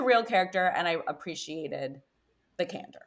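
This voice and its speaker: A young woman from Connecticut hosting a podcast, telling dating stories in an animated, chatty way full of "like". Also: lowish voice, normal speed. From Connecticut, USA. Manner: chatty, animated storytelling with frequent "like". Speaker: podcast host. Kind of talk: casual chat.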